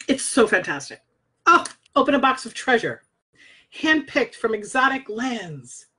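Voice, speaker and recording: A woman's voice: mid-range voice, a bit bright. A married woman, a scent consultant, chatting bluntly and swearing casually as she reads scent descriptions aloud in a vlog. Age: adult, married. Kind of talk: casual product review vlog. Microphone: own microphone.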